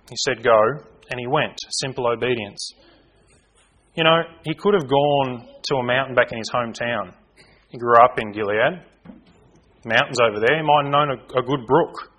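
A man's voice: medium pitch, a bit bright, slightly rough, poor audio. A man preaching a conversational Bible sermon, informal and given to correcting himself and hunting for his place in his notes.

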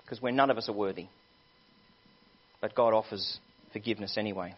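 A man's voice: lowish voice, brisk, husky. A male pastor preaching a sermon, telling a story with earnest appeals to his listeners. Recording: dull lo-fi sermon recording.

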